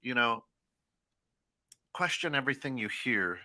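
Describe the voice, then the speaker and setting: An American man co-hosting a casual internet radio talk show, talking in halting bursts with many fillers and restarts, often laughing. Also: medium pitch, animated, sharp tone, no echo, studio quality. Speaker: co-host.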